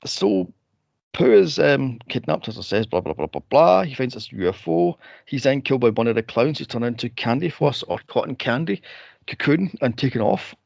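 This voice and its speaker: Sweary, animated podcast host. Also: male voice, medium pitch, normal speed, vocal fry, dry recording. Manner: animated, sweary, laughs a lot, acts out scenes. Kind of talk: casual movie chat. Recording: dry, dull lo-fi podcast audio.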